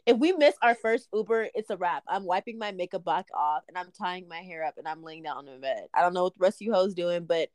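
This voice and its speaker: A woman's voice: lowish voice, expressive, fast talker, few pauses, darkish tone, no echo, studio quality. A young woman co-hosting a casual podcast chat, telling exaggerated, profane stories and bursting into laughter. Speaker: podcast co-host.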